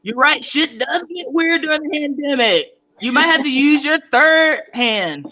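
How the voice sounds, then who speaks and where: A woman's voice: sits high, animated, unhurried, bright, forceful tone, dull audio. A woman stand-up comedian, rambling and giggling through her set. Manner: rambling, giggly, jokes with voices.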